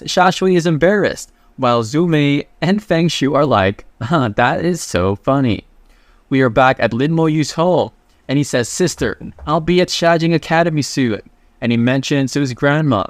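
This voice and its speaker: A mid-range male voice with no room sound carries this casual manhwa recap. The narrator retells the comic in a loose, talkative way, using slang and reading out what the characters say.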